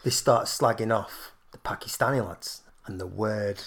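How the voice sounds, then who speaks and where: A man's voice: fairly low pitch, normal speed. A man on a podcast telling a funny story in casual chat, swearing and laughing as he goes. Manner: animated, swearing, laughs through his own story. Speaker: podcast co-host.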